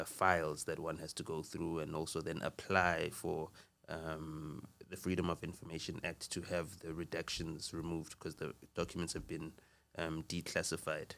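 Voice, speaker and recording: Male podcast guest, very deep and monotone, measured and earnest. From South Africa. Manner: earnest, measured, with frequent fillers and restarts. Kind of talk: casual conversational talk.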